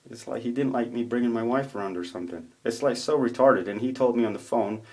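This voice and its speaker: A man in a casual, rambling video monologue, swearing a lot as he tells stories in an animated way. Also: medium pitch, quick pace. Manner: profane, rambling, animated storytelling. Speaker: vlogger. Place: home room with a roommate nearby.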